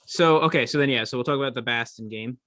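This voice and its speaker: A man's voice: mid-range voice, fast talker, a bit bright. A young man co-hosting a casual hockey podcast, joking and answering with short replies. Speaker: podcast co-host. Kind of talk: casual sports chat.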